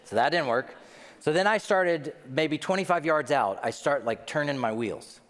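Middle-aged male pastor, animated storyteller, reverb of a large hall. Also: fairly high pitch, normal speed. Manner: animated storytelling, self-deprecating humor. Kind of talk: sermon.

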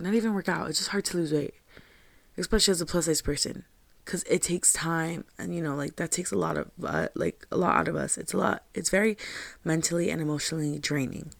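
A woman's voice: low voice, vocal fry, dry recording. A young woman hosting a casual personal monologue, speaking candidly and frankly, with frequent swearing and lots of fillers. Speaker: podcast host.

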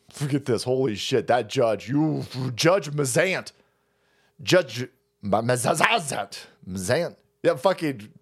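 A man ranting on a livestream, foul-mouthed and excitable, laughing between his remarks. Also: medium pitch, vocal fry. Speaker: streamer.

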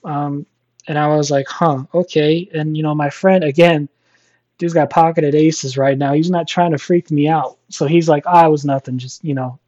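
Man, storyteller guest, mellow tone, rambling delivery with fillers, dull lo-fi recording. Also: fairly high pitch, fairly even intonation, normal speed. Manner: rambling, many fillers and restarts. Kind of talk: casual spoken storytelling.

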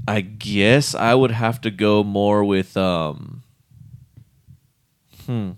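Low, smooth-voiced laid-back man. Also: drawn-out words, long pauses, dry recording, clean studio sound. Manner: laid-back, laughs often, swears casually. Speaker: co-host. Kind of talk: casual chat.

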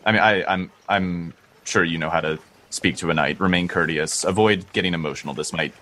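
A man's voice: low voice, fairly quick, bright, forceful tone. A man playing a tabletop game, talking earnestly in character with hesitant restarts. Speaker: player. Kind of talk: tabletop role-play in character.

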